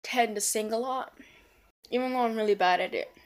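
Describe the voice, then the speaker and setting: A teenage girl with a fairly high voice talks somewhat quickly in a personal, confessional vlog. She sounds subdued and hesitant, rambling with plenty of fillers and restarts.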